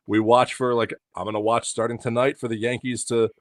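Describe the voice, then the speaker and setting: A man's voice: medium pitch, little pitch movement, brisk, no room sound, clean studio sound. A man co-hosting a podcast, chatting casually and enthusiastically as he sums up the topic. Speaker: podcast co-host. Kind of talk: casual chat.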